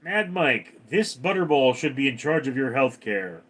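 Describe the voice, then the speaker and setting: A man with a mid-range voice hosts a casual livestream at normal speed. Animated throughout, he reads off commenters' names and then responds to what they said.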